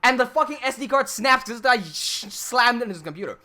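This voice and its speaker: Excitable guy telling a wild story, bright sharp voice, swears a lot. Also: very high voice, a little fast. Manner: excitable, heavy swearing, trails off quietly. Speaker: filmmaker and channel host. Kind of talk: animated storytelling.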